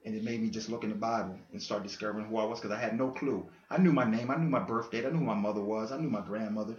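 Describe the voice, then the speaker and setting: A man's voice: on the low side, rapid-fire. A man giving an earnest spoken testimony as a podcast guest, acting out dialogue as he tells his story. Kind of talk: testimony in casual chat. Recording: echoey room, dull lo-fi sound.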